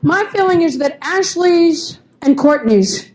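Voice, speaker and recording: A woman's voice: very high-pitched, expressive, unhurried. A woman doing a chatty, sarcastic stand-up set on a club stage. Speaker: stand-up comedian. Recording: faint club noise. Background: audience laughter.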